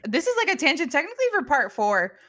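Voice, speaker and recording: A young woman co-hosting a podcast in casual chat, animated and quick to laugh. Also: sits high. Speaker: podcast co-host.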